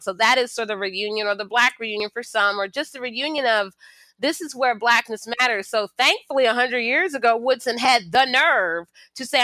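A woman's voice: on the high side, normal speed, dry recording. A woman historian answering interview questions, telling stories and acting out the voices she quotes. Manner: animated storytelling, acts out quoted voices. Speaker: historian and author, interview guest.

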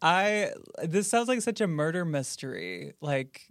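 A woman hosting a podcast, trading quick jokes and short replies with her guest. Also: low voice, big pitch swings. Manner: joking, quick quips, brief backchannel replies. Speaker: podcast host. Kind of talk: casual chat.

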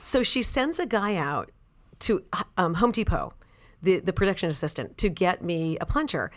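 Chatty woman telling a story, slightly low voice. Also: moderate pace. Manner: animated and chatty, many "like" and "you know" fillers. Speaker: actress and author, interview guest. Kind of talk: casual anecdotal storytelling.

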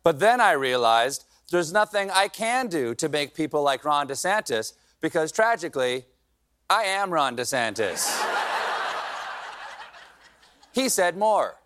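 A man's voice: fairly high pitch, big pitch swings, measured pace, long pauses, fairly bright tone. A man hosting a late-night show, delivering a comedic news monologue with sarcastic, mocking punchlines.

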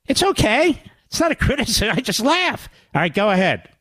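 A man's voice: very high-pitched, very animated, a little fast, sharp tone, no room sound. A man hosting a radio talk show, giving combative political commentary, sarcastic and indignant, often climbing into pointed rhetorical questions on a studio mic.

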